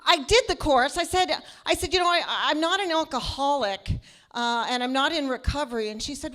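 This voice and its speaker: Woman doing stand-up, high voice, loud and animated, handheld mic on stage. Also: moderate pace. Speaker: stand-up comedian. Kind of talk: stand-up comedy set. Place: stage at a live comedy show.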